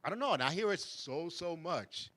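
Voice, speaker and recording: Animated, bright-voiced male show host. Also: on the high side, moderate pace, no echo. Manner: animated, mocks backhanded compliments in sing-song voices, laughs often. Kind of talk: casual chat.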